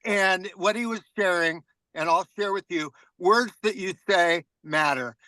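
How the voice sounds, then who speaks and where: A man's voice: high voice, a little slow, pushed and bright, no room sound, rough recording. A man earnestly telling a motivational story on a group call and repeating key phrases. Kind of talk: casual group call sharing.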